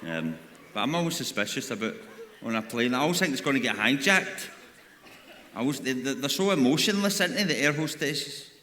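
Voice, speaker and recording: A man's voice: medium pitch, lively intonation, brisk, sharp tone. A man with a Glaswegian accent doing a stand-up comedy set, crude and sweary, mocking and bantering with the crowd. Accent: Scottish, Glaswegian. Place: large arena on stage. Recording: echoey arena with crowd noise.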